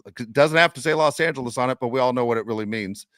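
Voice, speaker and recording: A man's voice: mid-range voice, fast, no room sound, studio quality. A middle-aged man hosting a sports podcast, telling a rambling story in casual chat and getting worked up as he rants. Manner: animated, worked-up ranting. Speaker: podcast host.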